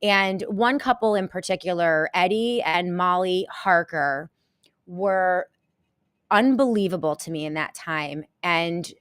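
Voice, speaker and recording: A woman hosting a live show, talking to her viewers in a halting, emotional way and close to tears. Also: on the low side, a bit bright, smooth, dry recording. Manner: halting and emotional, many pauses and restarts. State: tearful, close to crying. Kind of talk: casual live-stream talk to viewers.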